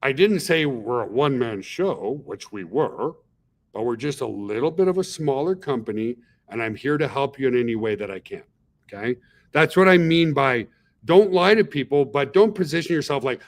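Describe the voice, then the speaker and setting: A man's voice: medium pitch, expressive, normal speed. Middle-aged guy running a webinar, chatty, keeps saying okay and guys. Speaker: webinar host, company founder. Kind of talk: casual webinar talk.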